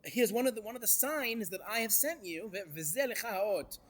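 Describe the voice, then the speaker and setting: Guy teaching torah, high lively voice, keeps asking the class questions. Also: moderate pace, slight background noise. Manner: animated, questions the class, Hebrew verse quotes.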